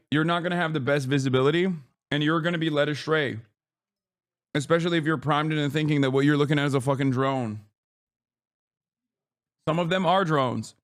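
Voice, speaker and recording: A man's voice: fairly high pitch, a bit bright. A man in his thirties giving sarcastic, combative stream commentary and swearing often.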